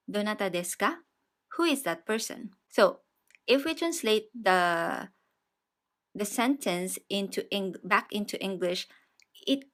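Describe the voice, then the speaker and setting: In a slow, step-by-step grammar lesson for beginners, a woman with a middle-pitched voice moves at an unhurried, deliberate pace. She patiently repeats each example and clearly explains every step before going on.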